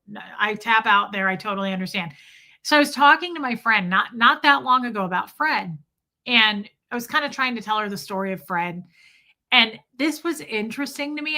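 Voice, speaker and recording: Bright-voiced woman telling a story to her chat. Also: mid-range voice. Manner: chatty and emotional, answers chat comments mid-story. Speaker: livestream host. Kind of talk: casual storytelling to a live chat.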